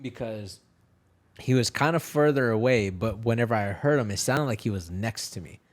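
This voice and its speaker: A man's voice: fairly low pitch, normal speed. A man from Texas, a fighter and podcast guest, chatting casually, swearing freely and laughing through his stories. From Houston, Texas. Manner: profane, laughing storyteller.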